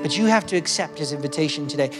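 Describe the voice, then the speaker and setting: A man preaching a sermon with passion, swinging between loud declarations and soft, hushed moments. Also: fairly high pitch, expressive, rapid-fire, music in the background. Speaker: pastor.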